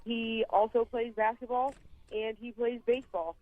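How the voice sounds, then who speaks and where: A woman sports journalist calmly explaining her picks during a casual radio interview, with fillers now and then. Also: on the high side, moderate pace. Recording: tinny phone line.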